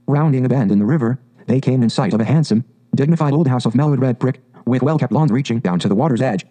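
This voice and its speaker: A man narrating a classic storybook in an even, unhurried audiobook reading. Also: mid-range voice, rough recording.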